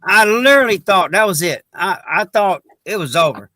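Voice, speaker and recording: A man's voice: sits high, animated, moderate pace, bright, forceful tone, dry recording. A man, chatting on a podcast in a folksy, earnest storytelling way. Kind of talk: casual chat.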